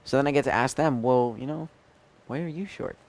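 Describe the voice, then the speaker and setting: Young American guy, guest on a gaming chat show, easygoing talk that jumps to loud shouts at the screen. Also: medium pitch, a little fast. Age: young adult. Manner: bursts into excited shouting at the game. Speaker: celebrity guest. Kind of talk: casual chat while playing a video game.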